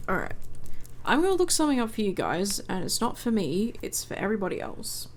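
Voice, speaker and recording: A woman streamer giving chatty, expressive commentary while playing a game, often giggling. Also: medium pitch, a little fast, a little hiss or hum. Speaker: gaming streamer. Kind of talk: casual let's-play commentary.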